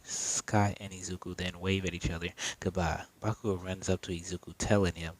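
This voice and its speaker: Casual male storyteller, deep voice, rambling and self-correcting mid-game. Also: moderate pace, a little mellow, rough recording. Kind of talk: improvised fan-story narration.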